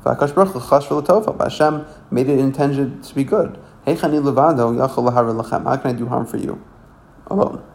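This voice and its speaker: A man teaching a religious text, each verse aloud and translating it phrase by phrase, often halting and correcting himself. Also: medium pitch, a little mellow. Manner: halting, self-correcting, with frequent restarts. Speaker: Torah teacher.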